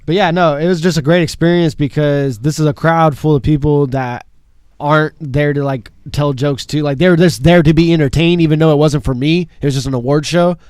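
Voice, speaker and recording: Brash male comedian co-hosting a casual podcast, fairly high voice, dead-dry close mic. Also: a little fast, clean tone, no room sound. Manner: brash, animated, swears constantly. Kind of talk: casual profane chat.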